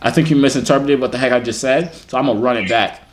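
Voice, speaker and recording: Talking fast in a mid-range voice, a twenty-something man flirts casually with strangers over a video chat app, teasing them in slangy small talk. The sound comes through a computer or phone mic on a video call.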